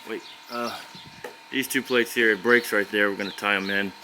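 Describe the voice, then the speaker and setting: Folksy builder on a windy site. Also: male voice, fairly low pitch, fairly even intonation, moderate pace. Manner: explains step by step, loose and folksy. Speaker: builder showing his work. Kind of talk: casual job-site walkthrough. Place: outdoor construction site, windy. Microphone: camera's built-in mic. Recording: windy outdoor camera audio. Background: wind noise.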